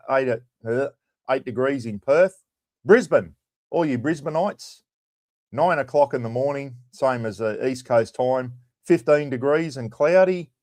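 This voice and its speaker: A man's voice: medium pitch, darkish tone, no room sound, studio quality. A middle-aged Australian man hosting a casual livestream chat. He greets viewers by name and drops in casual swearing. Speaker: livestream host.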